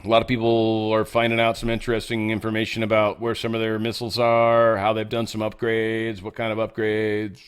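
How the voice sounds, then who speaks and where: A man's voice: fairly low pitch, completely flat delivery, a little fast, hardly any pauses, clean tone. Sarcastic man riffing on headlines. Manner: sarcastic, mocking asides. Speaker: show host. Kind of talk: casual news commentary.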